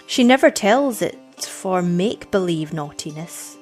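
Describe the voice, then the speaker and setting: A haughty young village girl, as a woman reads her, scornful and measured, with a lively rise and fall in her lines. She talks down with calm superiority in a storybook reading. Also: on the low side, faint music behind.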